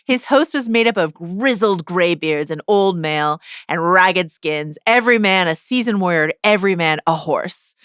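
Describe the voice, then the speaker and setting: A woman's voice: on the low side, expressive, normal speed, hardly any pauses, fairly bright tone, clean tone, no room sound, clean studio sound. A woman co-hosting a podcast, chatting casually, swearing freely and reading passages aloud. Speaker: podcast co-host. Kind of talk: casual chat.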